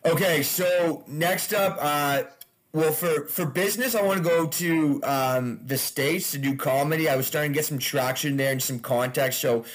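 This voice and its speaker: A man, a stand-up comedian, chatting casually as a podcast guest, loose and laughing, with frequent swearing. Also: mid-range voice.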